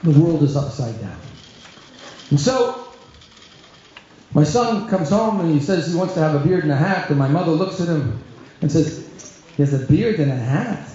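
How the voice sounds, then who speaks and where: A man, a rabbi, telling stories to a congregation with wry humor and lively acted-out voices. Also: on the high side, moderate pace, long pauses, slight background noise. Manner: animated storyteller, wry humor, acts out quoted voices. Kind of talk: storytelling talk to a congregation. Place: synagogue hall. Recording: echoey hall, dull lo-fi sound.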